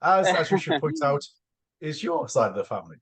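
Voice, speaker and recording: A man's voice: fairly high pitch, sing-song, brisk, a bit bright, husky. A male podcast co-host in casual chat who teases and jokes with his guest. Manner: teasing, joking.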